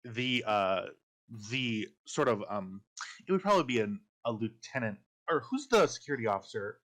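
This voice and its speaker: A man's voice: mid-range voice, big pitch swings, moderate pace, a bit bright. Hesitant Midwestern man running a game. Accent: Midwestern American. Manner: hesitant, lots of ums and restarts, laughs often. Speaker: game master. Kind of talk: narrating a tabletop game over a call.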